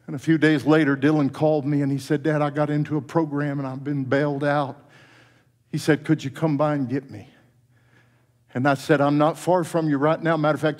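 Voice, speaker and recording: A middle-aged man preaches to his congregation, telling a story and dropping to soft, hushed tones for quoted words before climbing into fervent, higher passages. His voice sits a bit high for a man. The sound carries the long reverb of a church sanctuary. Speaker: pastor. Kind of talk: sermon.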